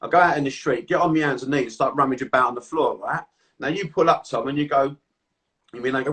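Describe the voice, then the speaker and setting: A man's voice: mid-range voice, fast talker, fairly bright tone, distant mic. A man in a casual chat, telling stories in a sweary, easygoing way. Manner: storytelling, sweary, laughs easily. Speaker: podcast host.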